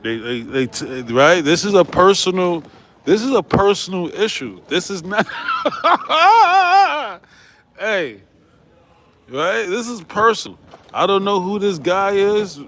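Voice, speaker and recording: A man's voice: high-pitched, animated, measured pace, a bit bright, a little hiss or hum. A man hosting his own online channel, delivering a heated, profane rant in which he keeps asking "right?" and often breaks into laughter. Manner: profane, combative, repeats "right?"; laughs often while ranting. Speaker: YouTube host.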